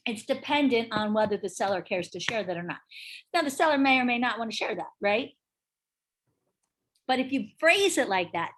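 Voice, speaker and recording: Brisk, emphatic woman teaching a class. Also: fairly high pitch, lively intonation, fairly bright tone. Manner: brisk, emphatic, chatty, asks the group questions. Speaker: real estate instructor. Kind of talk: casual teaching talk to a class.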